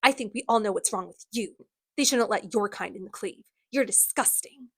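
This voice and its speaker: A woman's voice: fairly high pitch, fairly quick, dry recording, studio quality, close to an everyday voice. A woman voicing a cruel, sneering young male villain who taunts in a mocking, suave way.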